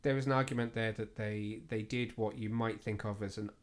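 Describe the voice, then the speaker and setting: A man's voice: lowish voice, fairly even intonation, fairly quick. A man co-hosting a podcast, talking casually with lots of fillers and self-deprecating asides. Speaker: podcast co-host. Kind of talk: casual chat.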